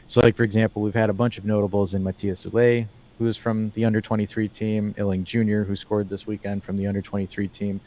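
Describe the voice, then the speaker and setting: A man co-hosting a casual football podcast, talking in a rambling, animated way, full of fillers and restarts, with wry asides. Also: lowish voice, quick pace, hardly any pauses. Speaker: podcast co-host.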